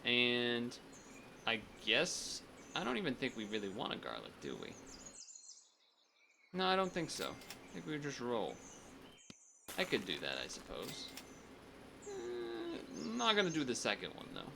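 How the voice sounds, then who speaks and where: A man's voice: mid-range voice, huge pitch swings, measured pace, creaky, pauses often, sharp tone, slight background noise. A man streaming a strategy game, chatting casually and thinking aloud, often restarting his sentences. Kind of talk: casual gameplay commentary.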